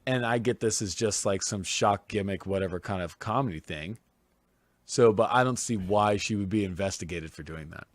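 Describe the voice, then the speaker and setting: A low-voiced man talks bluntly and swears often while arguing his point in a casual podcast chat. The sound is dry and close, with no room around it. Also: moderate pace, dry recording. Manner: blunt, profane, argumentative. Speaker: podcast co-host.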